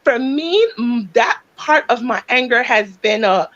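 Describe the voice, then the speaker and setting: A woman's voice: fairly high pitch, animated, a little slow, hardly any pauses, fairly bright tone, muffled recording. A single mother hosting a casual chat, telling stories animatedly and laughing often as she acts out her own voice. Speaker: single mom podcast host.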